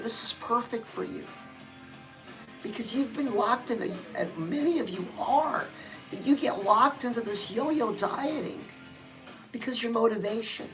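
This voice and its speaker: A woman hosts a chatty motivational livestream, speaking directly to her viewers and calling them "girl." Her voice is a little high, and the audio is poor.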